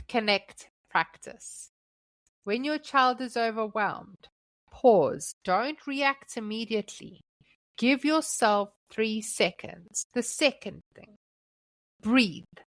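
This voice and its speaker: Slow, gentle woman teaching parents. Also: on the high side, no room sound. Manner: slow, gentle and deliberate, short emphatic phrases. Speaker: Christian parenting podcast host. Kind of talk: scripted devotional teaching.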